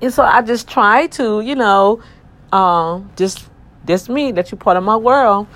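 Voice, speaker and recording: A woman's voice: medium pitch, measured pace, a bit bright. A woman hosting her online radio show, thanking listeners in an effusive, preachy manner full of praise-God exclamations. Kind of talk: casual talk with listener shout-outs.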